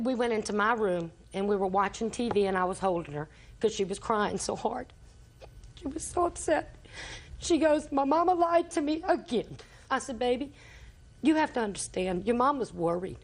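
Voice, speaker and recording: An older woman testifying before a judge, recounting events at length. She slips into the voices of the people she quotes. Her pitch sits in an ordinary middle range. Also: expressive, moderate pace. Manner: long storytelling, acts out quoted dialogue. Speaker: litigant in small claims court. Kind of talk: courtroom testimony.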